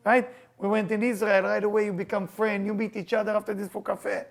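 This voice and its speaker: A middle-aged man teaching a group, telling stories in an animated way and acting out the lines of the people in them. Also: sits high, fairly quick, creaky. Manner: animated, acts out quoted dialogue. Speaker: Kabbalah teacher. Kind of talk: storytelling talk to a group.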